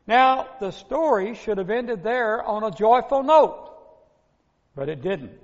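A man's voice: high voice, animated, takes it slowly. A male preacher giving a sermon, retelling a parable dramatically and speaking straight to his listeners, in a dull recording with long hall reverb. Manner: dramatic storytelling, addresses the listeners directly.

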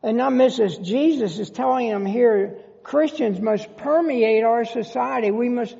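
A man's voice: very high voice, a little slow, creaky, dark tone. A male pastor preaching a sermon in a church, emphatic and full of rhetorical questions. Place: church sanctuary. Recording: long church reverb, dull lo-fi sound.

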